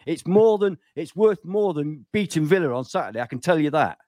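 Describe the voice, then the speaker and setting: A man's voice: fairly high pitch, lively intonation, brisk, warm tone, no echo, clean studio sound. A man co-hosting a live-stream podcast, angry and stressed, ranting and repeating himself as he argues over a video call. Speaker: podcast co-host and fan. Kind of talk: heated live-stream argument.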